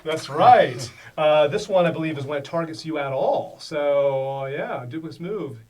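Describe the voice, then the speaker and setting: An animated man narrates a tabletop game as game master, his voice pitched a little high and laughing often. He sits somewhat back from the mic, so the sound is a touch distant. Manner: animated, laughing, quick restarts. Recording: voice slightly far from the mic.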